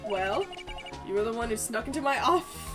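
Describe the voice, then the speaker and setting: A woman voicing a gruff older male police chief who speaks in a smug, pompous, condescending way, with game music behind. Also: on the high side, animated, a little fast, lightly acted.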